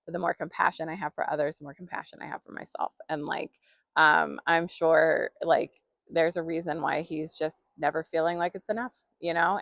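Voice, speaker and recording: A woman's voice: on the low side, creaky, a bit bright, no echo, muffled recording. A woman hosting her own podcast, talking casually and rambling with lots of fillers. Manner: chatty, rambling, many fillers and laughs. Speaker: podcast host. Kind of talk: casual solo podcast monologue.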